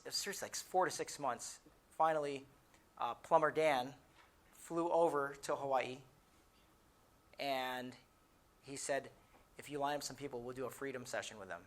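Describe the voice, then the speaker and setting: A male military chaplain speaks to a room of couples at a training session. He tells a personal story in a loose, conversational way, restarting phrases and acting out the dialogue. His voice sits in an ordinary middle pitch. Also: fairly bright tone. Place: lodge conference room.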